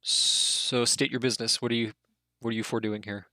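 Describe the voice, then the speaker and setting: A stern dwarf woman on watch asks short, clipped questions, voiced by a man. She speaks quietly and keeps it businesslike. The sound is close and dry. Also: medium pitch, level tone, moderate pace, dry recording, close to an everyday voice. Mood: brusque. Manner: curt, businesslike.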